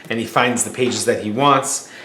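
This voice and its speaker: A man's voice: medium pitch, fairly even intonation, normal speed, pushed and bright. A male teacher telling a story in a casual, explanatory way as a lesson. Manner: casual, explanatory, with fillers and restarts. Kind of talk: storytelling lecture. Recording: echoey room with faint hum.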